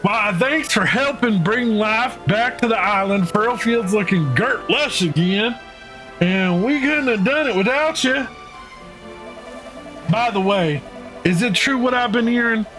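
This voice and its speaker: A man voicing an eager young farmhand, stammering in his excitement. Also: high voice, measured pace, faint music behind, pitched above the performer's own voice. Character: eager cheerful young farmhand, hard worker.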